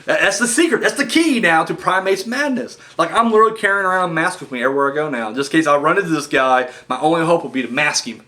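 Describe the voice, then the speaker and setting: A man casually recapping wrestling matches, rambling with lots of fillers and getting excited as a fan. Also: on the high side, fast, hardly any pauses. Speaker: wrestling review host.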